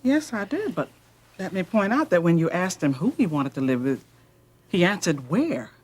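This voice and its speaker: Wise calm counselor, gentle, deep-voiced, radio drama. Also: female voice, moderate pace, husky. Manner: gentle, soothing.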